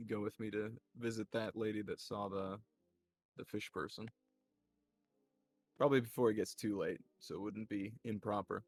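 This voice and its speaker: A man with a fairly low voice plays his character in a tabletop game, courteous and formal, stumbling over a few words. The sound is dry and close, with faint music underneath. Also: vocal fry, no echo. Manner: polite, old-fashioned formal phrasing, hesitant. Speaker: player. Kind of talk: in-character tabletop role-play.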